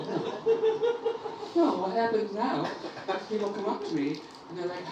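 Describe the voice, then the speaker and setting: A woman's voice: on the low side, steady tone, moderate pace. A woman doing stand-up comedy with a brash, bawdy, exaggerated delivery on a comedy club stage. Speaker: stand-up comic. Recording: echoey club miked from a distance, loud room noise.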